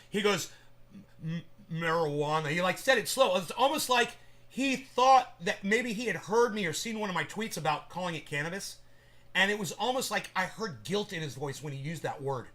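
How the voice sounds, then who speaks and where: A man's voice: sits high, lively intonation, fairly quick, sharp tone. A man hosting a casual livestream, rambling and swearing as he talks straight to viewers in chat. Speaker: livestream host.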